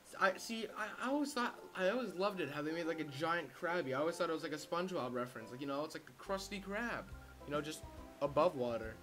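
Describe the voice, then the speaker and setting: A young man rambles through casual gameplay commentary, full of crude jokes and asides. His voice sits a little high. Game music plays loudly under him. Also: expressive, quick pace. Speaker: let's play commentator.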